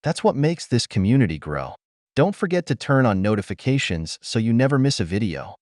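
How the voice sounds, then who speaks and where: Male host, scripted narration, lively delivery, dry close sound. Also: mid-range voice, fairly quick, no echo. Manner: preachy, addresses male viewers directly.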